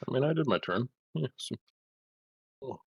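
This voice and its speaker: A man's voice: medium pitch, expressive, moderate pace, vocal fry, darkish tone, a little hiss or hum. A man playing a tabletop game, making dry, offhand remarks. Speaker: player.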